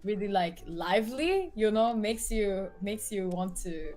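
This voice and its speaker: A woman from the United States co-hosting a relaxed online chat, with lots of fillers and giggles. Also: mid-range voice, measured pace, soft background music. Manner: easygoing, giggly, filler-heavy. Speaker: podcast co-host. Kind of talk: casual chat.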